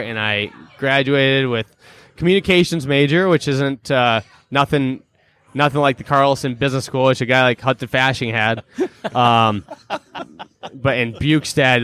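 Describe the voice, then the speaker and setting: A man's voice: medium pitch, smooth. A man in his thirties from Minnesota with a Minnesotan accent, a hockey player telling stories in a casual chat and acting out the people he quotes. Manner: animated storyteller acting out quotes. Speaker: guest, pro hockey player.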